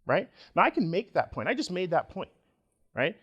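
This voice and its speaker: A middle-aged man from Nigeria giving a conference talk, joking and animated with the audience. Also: sits high, normal speed, husky, muffled recording. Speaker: conference speaker.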